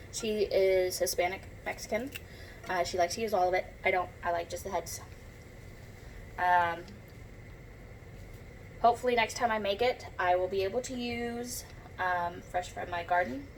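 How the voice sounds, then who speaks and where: A woman's voice: mid-range voice, steady tone, moderate pace, long pauses, a little hiss or hum, low-quality recording. A woman with a Southern US accent, chatting and rambling through a homey cooking demo in her kitchen, recorded on a propped-up phone. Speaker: home cook. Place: home kitchen.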